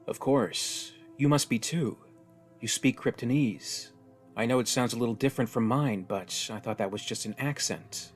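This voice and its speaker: A man's voice: mid-range voice, moderate pace, soft background music, lightly acted. A man voicing an earnest, hopeful male Kryptonian hero who speaks steadily and encouragingly. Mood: solemn.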